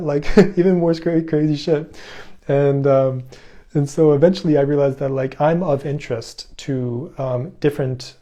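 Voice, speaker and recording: A man telling a rambling, excitable story in casual speech, full of fillers and restarts. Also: on the high side, moderate pace. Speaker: fasting vlogger.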